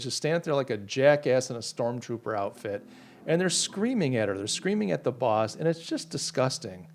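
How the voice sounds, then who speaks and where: A man's voice: on the high side, darkish tone. A man hosting a casual live talk show, rambling and indignant, with many restarts while he answers viewer comments. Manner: reads and answers chat comments. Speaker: podcast host.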